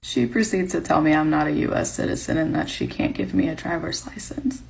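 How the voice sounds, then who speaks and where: A woman with a gravelly voice telling an animated anecdote in casual conversation. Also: low voice, fairly quick, rough recording. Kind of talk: casual storytelling.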